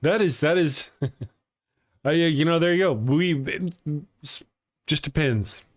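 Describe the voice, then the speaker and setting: A man's voice: a little high, measured pace, no echo. A man with a Texas accent hosting a casual atheist morning livestream. He rambles, chuckles often and restarts his sentences while reading viewer comments.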